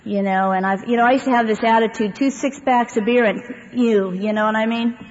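A woman's voice: fairly high pitch, steady tone, brisk. A woman stands before an audience at a meeting and tells her life story, wandering and chatty, dropping in asides and dry jokes. Her voice carries through a long, echoey hall. The recording is dull and muffled, with a faint hiss underneath. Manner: conversational and rambling, with many fillers and wry humor. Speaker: speaker sharing her recovery story at a twelve-step meeting. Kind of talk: personal testimony talk to a live audience.

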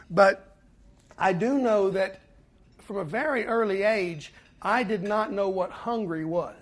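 A man giving a personal recovery talk to a fellowship meeting, telling his story earnestly with pauses and repeated words. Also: high voice. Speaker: speaker at a twelve-step fellowship meeting.

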